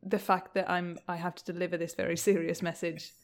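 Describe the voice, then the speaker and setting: A woman's voice: lowish voice, level tone, fairly quick, gravelly. A young woman from the UK, a podcast guest who chats casually, laughs often and hesitates with many ums. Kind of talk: casual chat.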